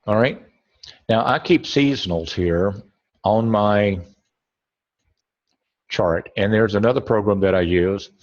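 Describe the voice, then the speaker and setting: A man's voice: on the low side, takes it slowly, pauses often, dull audio. A man teaching a trading webinar over a screen share, rambling and correcting himself as he thinks aloud.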